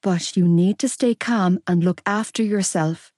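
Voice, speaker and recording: A woman's voice: lowish voice, measured pace, darkish tone, no echo, natural voice. A woman voicing a heartbroken, fiercely loyal young woman close to tears in an audiobook. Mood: anguished. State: crying.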